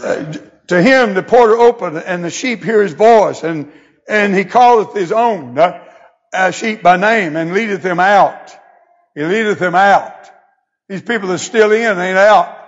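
Male preacher, high-pitched, folksy down-home sermon style, muffled lo-fi church recording. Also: a little slow. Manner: folksy preaching with scripture read in old English. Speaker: pastor.

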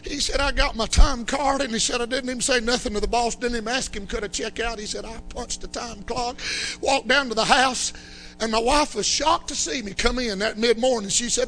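A man preaching a sermon, telling a story and rising into fervent shouting. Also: very high voice, fairly quick, soft background music.

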